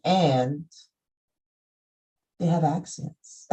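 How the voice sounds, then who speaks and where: A woman's voice: low voice, expressive, takes it slowly, pauses often, dark tone, poor audio. A middle-aged woman vlogging about essential oils in a folksy, conversational teaching monologue, now and then breaking into emphatic outbursts. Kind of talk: casual spiritual teaching monologue.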